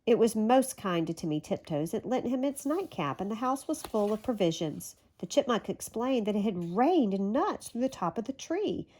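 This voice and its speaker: A woman reading a children's story aloud in a gentle, even storytelling manner. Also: a little high, moderate pace, hardly any pauses. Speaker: storybook reader.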